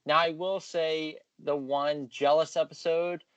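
A man's voice: on the high side, level tone, unhurried, no room sound, lo-fi sound. A man co-hosting a podcast, giving his opinions with enthusiasm in casual chat. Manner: enthusiastic, opinionated, drops into quoted voices. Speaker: podcast co-host.

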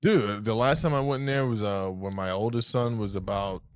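A man's voice: on the low side, normal speed, smooth, dry recording. A man co-hosting a podcast in casual chat, rambling and laughing often while speaking into a headset. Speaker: podcast co-host.

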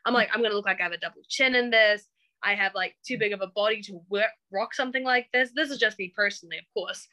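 A young woman recounts her story to her coach in a casual interview, chatty and acting out what she and others said. Her medium-pitched voice is fast and sharp-toned, and the recording quality is low.

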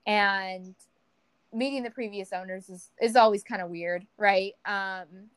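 A young woman co-hosting a podcast, chatting casually and telling an animated story, acting out quoted people with big pitch jumps. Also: unhurried, clear, resonant tone, no echo, low-quality recording. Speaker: podcast co-host. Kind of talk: casual chat.

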